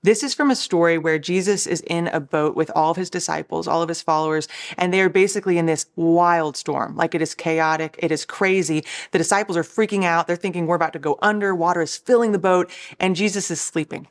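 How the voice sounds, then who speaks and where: A young woman gives a casual devotional message, earnest and encouraging as she retells a story in plain conversational words. Her voice sits a little low for a woman. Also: fairly quick, few pauses. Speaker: Christian recording artist sharing a devotional.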